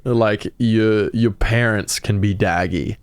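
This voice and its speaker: A man's voice: on the low side, steady tone, takes it slowly, clear, resonant tone, no room sound. A young Australian man with an Australian accent, chatting casually and swearing freely as he explains slang. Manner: laid-back, swears casually, laughs often. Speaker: podcast guest explaining slang. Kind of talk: casual chat.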